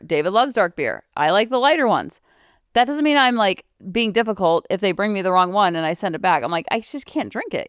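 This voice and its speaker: A woman's voice: fairly high pitch, no room sound, studio quality. A woman hosting a parenting podcast, talking in a chatty, rambling way with lots of asides. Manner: animated, chatty, jumps between asides. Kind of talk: casual chatty monologue.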